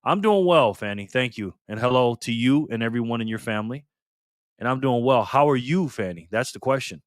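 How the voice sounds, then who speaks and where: Man, live stream host, casual chat, upbeat, greets viewers by name, middle pitch, dry sound. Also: animated, dry recording. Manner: upbeat, reads chat names aloud with quick thanks.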